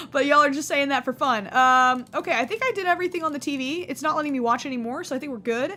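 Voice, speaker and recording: A woman's voice: sits high, expressive, a little fast, bright, forceful tone, slight background noise. A young woman streaming a game, chatting casually, joking and correcting herself as she goes. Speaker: gaming streamer. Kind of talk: casual let's-play commentary.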